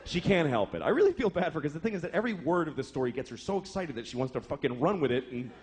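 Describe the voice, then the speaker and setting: A man whose voice is a little high and a little mellow rattles off his stand-up stories at a rapid clip, with big pitch swings. Audience laughter fills this live show recording of his exasperated, profane routine, and there's a slight hiss or hum.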